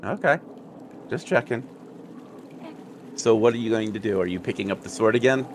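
A man running a tabletop game as game master, describing scenes in a slow, measured way. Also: fairly low pitch, slight background noise.

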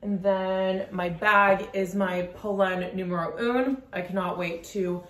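A woman fashion vlogger talks straight to camera in a relaxed, chatty way, sprinkling "like" through her sentences. Her voice sits in an ordinary middle pitch. The room is noticeably echoey around her. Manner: chatty, quick, lots of "like" fillers. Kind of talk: casual outfit walkthrough to camera. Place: room at home during a work lunch break. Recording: roomy echo.

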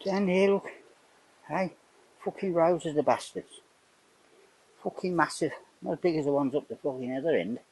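A man's voice: a little high, normal speed, long pauses, darkish tone, breathy edge, rough recording. An older man giving a rambling, casual commentary outdoors in his garden, swearing in nearly every sentence. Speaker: vlogger narrating home renovation.

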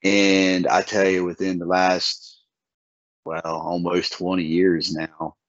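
A man telling a folksy story in casual chat, his voice leaping high whenever he quotes people. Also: monotone, slow, no echo. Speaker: podcast guest. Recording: dull lo-fi sound.

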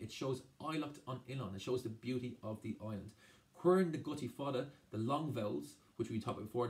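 A man's voice: medium pitch, a little mellow. A man tutoring exam revision, translating each phrase and going over points again and again. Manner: explains by translating each phrase, repeating himself. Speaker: Irish language tutor.

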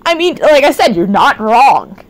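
A woman streamer chatting live over a game, excitable and shrieking, her voice often cracking. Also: high voice, a little slow. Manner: excitable, shrieking, swearing at chat. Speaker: virtual streamer. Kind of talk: live gaming stream chat.

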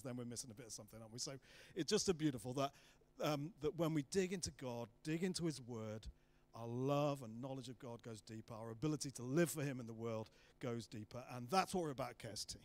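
A man's voice: medium pitch, lively intonation, fast, darkish tone. A man giving a guest sermon in a church hall, chatty and joking with asides. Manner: jokey and chatty, self-deprecating asides. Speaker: guest preacher.

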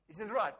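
A man preaching a sermon to a congregation, animated and joking, often laughing and asking the people questions. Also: high-pitched, husky. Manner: animated, joking, laughs at his own stories; talks directly to the congregation with frequent questions. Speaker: pastor. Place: church hall. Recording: long reverb of a church hall.

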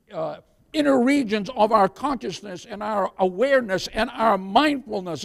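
A man preaching a sermon as pastor, calling out to the congregation and stretching key words slowly for emphasis. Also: very high voice. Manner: preaching with repeated calls of "beloved" and "amen".

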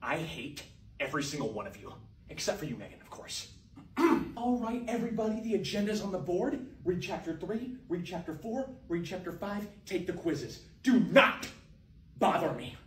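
A man's voice: high voice, animated, moderate pace, roomy sound, recorded from a distance, a little hiss or hum, pitched above the performer's own voice, rough recording. A man playing a grumpy, burned-out male teacher in a comedy sketch, muttering and fed up.

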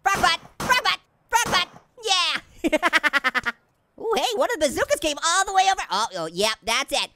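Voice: very high voice, sing-song, normal speed, vocal fry, background noise, exaggerated voice. A performer voicing a hyper, giggly cartoon orange who jokes nonstop while commentating a video game. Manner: giggly, goofy, hyper, constantly cracking jokes. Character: hyper talking orange fruit, cartoon prankster, gleeful. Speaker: gaming let's-play host. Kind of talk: excited gameplay commentary.

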